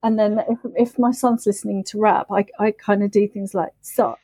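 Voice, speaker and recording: A woman's voice: mid-range voice, level tone, brisk, mellow, husky, no echo. A woman co-hosting a casual chat, playful and teasing, laughing a lot. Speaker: podcast co-host.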